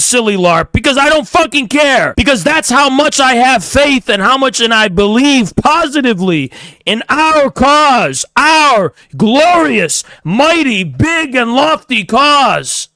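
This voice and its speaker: A young man delivering a heated, profane political rant, swinging between low mutters and shouting. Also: sing-song, unhurried, no echo, low-quality recording. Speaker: political streamer.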